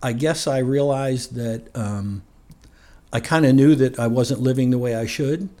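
A man's voice: medium pitch, unhurried. Man from New Jersey telling his story. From New Jersey, USA. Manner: relaxed and rambling, with frequent chuckles. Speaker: guest sharing his faith story. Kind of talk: conversational personal storytelling.

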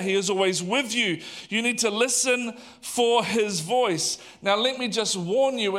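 A male pastor delivering a sermon with a high voice. He talks animatedly and conversationally, putting questions to the congregation. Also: a bit bright.

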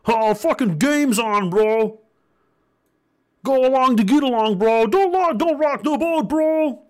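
Man doing a smug indifferent bro, high and sing-song, mocking drawl. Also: lively intonation, a little mellow, exaggerated voice. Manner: mocking, drawn-out bro taunts. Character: smug indifferent male bro, shrugging everything off.

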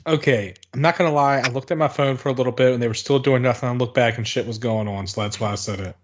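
A man's voice: medium pitch, fast talker, highs cut off, slight background noise. A man on a casual podcast watching wrestling, tossing in wisecracks. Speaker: podcast co-host.

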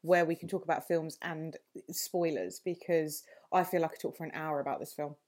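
A woman's voice: deep voice, steady tone, moderate pace, a little mellow. A woman co-hosting a podcast in casual chat, playful and self-mocking. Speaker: podcast co-host.

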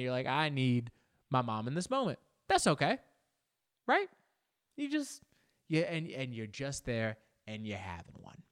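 A young man talks straight to camera in an easygoing vlog. His voice sits at a medium pitch. He rambles, stumbles over his words, and pokes fun at himself as he goes. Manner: rambling, animated, self-mocking humor with frequent restarts. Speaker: vlogger. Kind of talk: casual talking-to-camera vlog.

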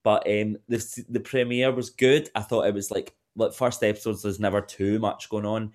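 A very deep-voiced man chatting casually as a podcast co-host. He talks in a gossipy, animated way, leaning hard on the juicy bits. His voice stays low and rumbling throughout. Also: normal speed. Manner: chatty and gossipy, lively swings of emphasis. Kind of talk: casual chat.

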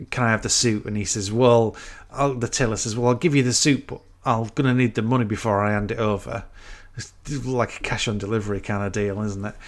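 A man retelling a film plot in casual chat, rambling and acting out the characters' lines. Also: lowish voice. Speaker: podcast co-host.

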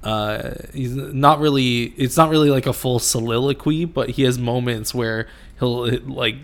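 A man's voice: medium pitch, measured pace. Easygoing man hosting a movie chat. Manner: laughs often, hesitant fillers.

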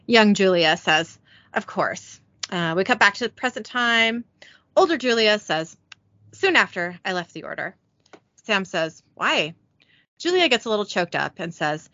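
A woman's voice: mid-range voice, animated, normal speed, pushed and bright, no room sound, muffled recording. A woman co-hosting a podcast, narrating an episode's scenes and dialogue, then chatting casually and laughing with her co-host. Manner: reads out scene dialogue with light voicing, giggly. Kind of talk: casual recap narration and chat.

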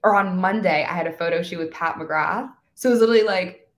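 A woman's voice: fairly low pitch, fast, echoey room. A young woman in her twenties telling a story in casual chat, full of fillers and acted-out quotes. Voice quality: valley-girl filler talk, animated quoting. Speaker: guest influencer.

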